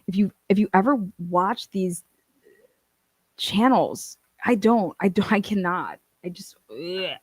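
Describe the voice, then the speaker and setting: A woman in a mid-range voice chats casually as a co-host. She rambles in an animated way and swears freely. Her voice sounds dry and close, with no room echo. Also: medium pitch, slow pace, breathy edge. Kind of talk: casual chat.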